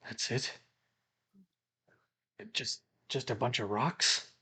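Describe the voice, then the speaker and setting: A man voicing a blunt, gruff male adventurer companion who stammers and trips over his words. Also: fairly low pitch, steady tone, a little slow, a bit bright. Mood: dismissive. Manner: stammering, agitated speech.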